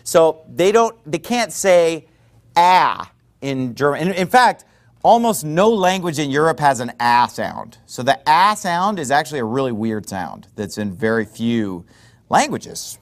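A man preaching a sermon in a conversational, digressive way with quick rhetorical asides. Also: fairly high pitch, sing-song.

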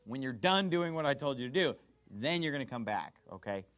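A man preaching an expository sermon, animated and folksy, often checking in with his listeners. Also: medium pitch, fairly quick.

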